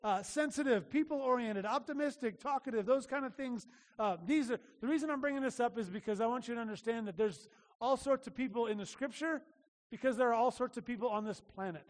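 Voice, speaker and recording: A male pastor giving a conversational sermon, animated, acting out little voices and asking the room questions. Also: very high voice, a little fast, big-room sound.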